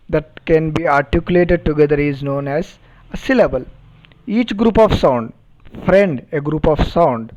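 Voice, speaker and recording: A male English teacher gives a recorded phonetics lecture, deliberately repeating and spelling out words and asking questions to check understanding. His voice is fairly high and a little mellow, and the audio sounds dull.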